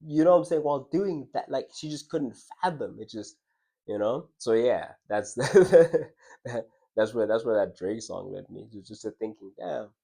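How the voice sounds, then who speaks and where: A man's voice: mid-range voice, expressive, unhurried, creaky, dark tone, breathy edge. A young man casually telling a personal story to his audience, reflective and conversational, often restarting his words and laughing. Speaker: vlogger.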